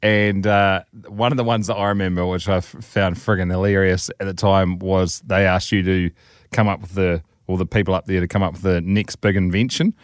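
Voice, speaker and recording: A man co-hosting a podcast, telling stories casually, swearing freely and acting out quotes in loud, high voices. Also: level tone, a little fast, no echo, clean studio sound. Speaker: podcast co-host. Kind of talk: casual storytelling chat.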